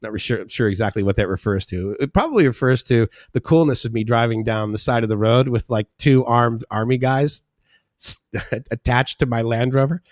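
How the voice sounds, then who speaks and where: A man's voice: mid-range voice, moderate pace, no echo, studio quality. A man hosting a casual live stream, chatting in a rambling way and laughing often as he reads out chat comments.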